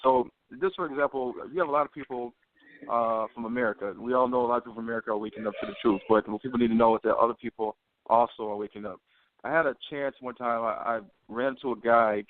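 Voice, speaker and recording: A man's voice: medium pitch, steady tone, fast, no echo. A man co-hosting a podcast, telling a long story full of quoted dialogue. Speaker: podcast co-host. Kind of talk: casual storytelling. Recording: tinny phone line.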